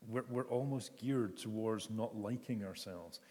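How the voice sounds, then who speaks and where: A man's voice: fairly low pitch, measured pace, mellow, big-room sound. A man preaching a sermon in a conversational, searching way, often restarting his sentences. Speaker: pastor.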